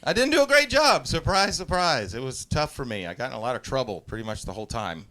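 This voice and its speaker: Speaking fast in a sing-song, medium-pitched voice, a Southeast Texas comic in his forties spins easygoing stories on a live stage. He laughs at his own jokes a lot and often shouts out loud impressions.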